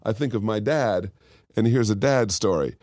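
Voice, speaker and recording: A man's voice: lowish voice, moderate pace, darkish tone, dry recording, studio quality. A middle-aged man co-hosting a podcast in casual chat, a rambling storyteller who drifts off on tangents. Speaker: podcast co-host.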